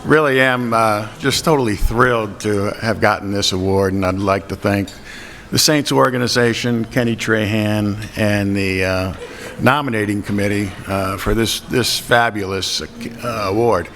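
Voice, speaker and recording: An older man giving a modest, hesitant acceptance speech with many pauses and ums. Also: fairly low pitch, steady tone, fairly bright tone. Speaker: award recipient. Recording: hall reverb, faint room noise.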